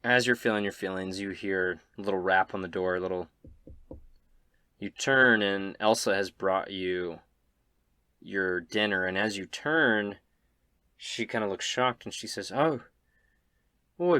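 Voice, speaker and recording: A man narrating as game master of a tabletop game, joking and quick. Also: low voice, steady tone, pushed and bright, clean tone, no echo, studio quality.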